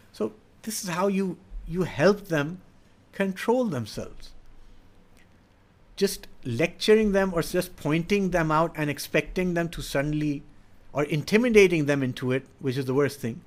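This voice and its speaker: A man's voice: high-pitched, unhurried. A middle-aged man explaining child development in an earnest, instructive way, sometimes acting out what a parent or child would say. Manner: earnest, acts out parent-child dialogue in quoted voices. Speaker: educator speaking on child development. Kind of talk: explanatory talk.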